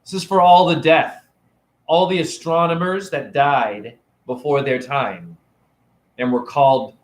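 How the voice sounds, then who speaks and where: A man's voice: a little high, measured pace. A man lectures his live-stream chat from his phone, speaking in a slightly raised register. He preaches and taunts and keeps pressing the viewers with rhetorical questions. He sounds sure he has already won the argument. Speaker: self-styled spiritual teacher streaming to a chat. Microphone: phone camera.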